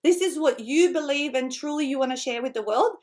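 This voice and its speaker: An Australian woman coaching would-be authors in a seminar talk, bubbly and quick to laugh. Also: sits high. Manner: bubbly, laughing often, animated. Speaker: author and book-writing coach.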